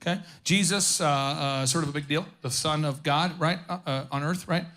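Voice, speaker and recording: High, bright-voiced man giving a lively seminar. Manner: fast, jokey, riffing asides and audience questions. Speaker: business conference speaker. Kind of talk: energetic live seminar talk. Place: conference auditorium stage.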